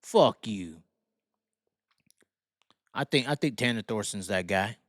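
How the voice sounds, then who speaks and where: A man's voice: lowish voice, fairly quick, a bit bright, dry recording, clean studio sound. A man hosting a racing show, ranting heatedly and swearing as he mocks fans and reads the chat. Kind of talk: profane opinion rant on livestream.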